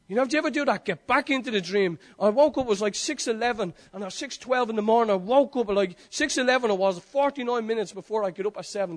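A high-pitched Irish man preaching a heartfelt sermon. He tells his story with passion, rising loud and then dropping to a hush. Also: fast talker, few pauses. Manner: impassioned storytelling, swinging between loud and hushed.

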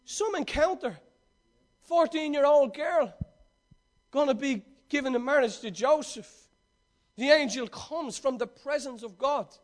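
High-voiced man preaching a sermon. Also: unhurried. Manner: reads scripture then retells it with emphatic swings from loud to quiet.

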